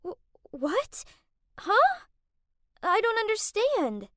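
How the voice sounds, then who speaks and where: A woman voicing a hurt young woman who stammers through tears in an animated story. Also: extremely high pitch, drawn-out words, no echo, studio quality, voice pushed up, exaggerated voice. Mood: tearful. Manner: stammering, tearful.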